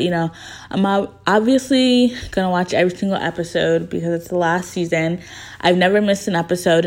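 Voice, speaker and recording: A woman hosting a podcast, chatting casually and gossiping. Her voice sits a little on the low side, and she sprinkles "like" through almost every sentence in a loose, talkative flow. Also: gravelly. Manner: chatty, gossipy, full of "like" fillers. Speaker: podcast host. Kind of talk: casual chat.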